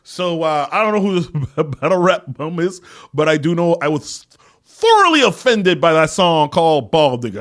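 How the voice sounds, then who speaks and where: A man's voice: fairly high pitch, a bit bright. A man hosting his own podcast in casual, profane talk, often breaking into laughter. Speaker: podcast host. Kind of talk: casual solo podcast chat.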